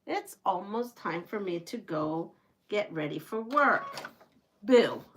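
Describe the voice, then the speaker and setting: A woman's voice: medium pitch, expressive, takes it slowly, a bit bright, a little hiss or hum. A middle-aged woman hosting a quilting live stream, chatting casually with viewers and often laughing. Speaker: quilting channel host. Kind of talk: casual live-stream chat while sewing. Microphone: home live-stream setup.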